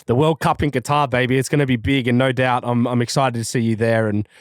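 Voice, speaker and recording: A man's voice: mid-range voice, steady tone, quick pace, clear, resonant tone, no room sound. Laid-back male podcast host, dry sound. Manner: laid-back, encouraging, calls the guest bro and mate. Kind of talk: casual interview chat.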